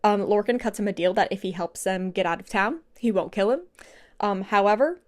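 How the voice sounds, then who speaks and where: A woman in her twenties giving a casual, animated plot recap as a book vlogger, laughing to herself at times. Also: medium pitch, brisk. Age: 20s.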